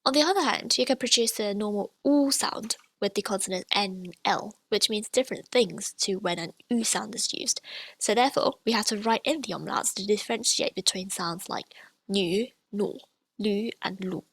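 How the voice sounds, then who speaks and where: A woman teaching pronunciation, explaining sounds clearly and repeating each example slowly. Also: medium pitch, no echo. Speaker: language teacher.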